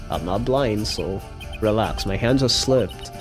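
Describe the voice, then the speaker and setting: A man's voice: medium pitch, lively intonation, normal speed, faint music behind. A young man streaming a game, reading its dialogue aloud with playful put-on voices and jokes of his own. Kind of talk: playthrough with voiced text.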